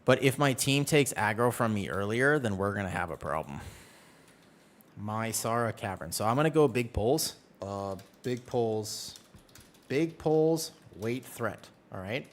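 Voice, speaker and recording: Animated young man streaming games. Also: mid-range voice, normal speed. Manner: animated, joking, chatting to viewers. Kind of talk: casual gaming stream chat.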